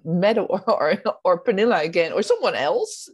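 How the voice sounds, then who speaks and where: Woman from the Netherlands, slightly low pitch, giggly, casual podcast talk. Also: huge pitch swings, normal speed, breathy edge, dry recording. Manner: easygoing, giggly. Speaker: podcast co-host. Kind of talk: casual chat.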